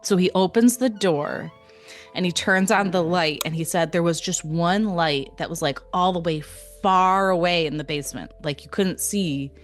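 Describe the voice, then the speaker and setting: Young adult female podcast co-host, low-pitched and chatty, storyteller energy over faint music. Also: normal speed. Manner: animated, laughing retelling with many fillers. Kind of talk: casual storytelling chat.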